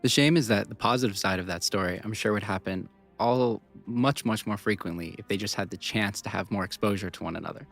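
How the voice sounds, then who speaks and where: Interviewer guy, gravelly, talks fast, measured questions. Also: on the low side, a bit bright, soft background music.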